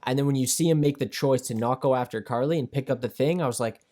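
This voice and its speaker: A young man co-hosting a casual podcast, talking at length in an animated, emphatic way. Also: medium pitch, quick pace. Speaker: podcast co-host.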